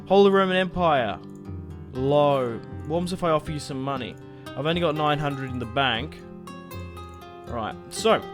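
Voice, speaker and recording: A man's voice: on the high side, normal speed, music in the background. Chatty young man gaming. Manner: chatty and rambling, swears casually, laughs at himself. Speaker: gaming YouTuber. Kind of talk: casual gameplay commentary.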